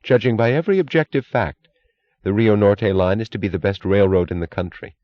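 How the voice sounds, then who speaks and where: A man with a deep voice reading the lines of a determined woman railroad executive who pleads with restrained, precise words, recorded with a dull, dry sound. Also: a little fast, no room sound, close to an everyday voice. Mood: pleading.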